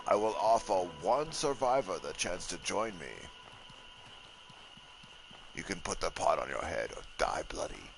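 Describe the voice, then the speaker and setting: A man's voice: low voice, big pitch swings, unhurried, gravelly, pauses often, music in the background, heavily acted, rough recording. A man voicing a pompous male warlord who recruits survivors to his cooking-pot cult in a game, speaking in a grand, menacing way. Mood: grandiose.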